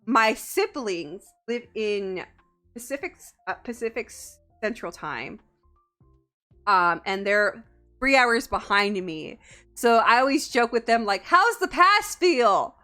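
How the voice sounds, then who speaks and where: Playful woman streamer from the US, bright and lively, teasing chat with lots of giggles. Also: medium pitch, slow, faint music behind. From United States. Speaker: VTuber streamer. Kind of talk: casual live-stream chat.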